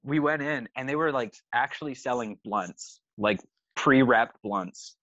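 A man's voice: medium pitch, unhurried, sharp tone, no room sound, muffled recording. A man in casual podcast chat, telling a tour story with lots of swearing and laughter. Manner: swears a lot, laughs through his story. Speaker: touring musician telling a story.

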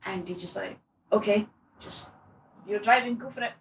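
A woman in her twenties telling an embarrassing story on a casual podcast, animated and sweary, laughing at herself. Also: medium pitch, moderate pace, far from the mic, a little hiss or hum, poor audio. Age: 20s. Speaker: guest.

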